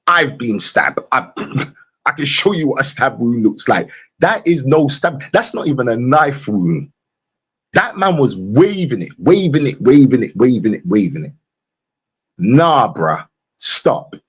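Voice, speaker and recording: A man's voice: mid-range voice, a little slow, slightly rough. A man with a London accent ranting on a live stream, mocking and repeating himself. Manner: mocking, repetitive, animated. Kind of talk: casual live-stream rant.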